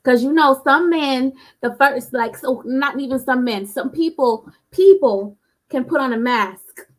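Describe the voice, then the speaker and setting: A woman's voice: high-pitched, a little slow. A woman in a casual podcast discussion who argues her point insistently, often restarting her sentences. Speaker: podcast co-host.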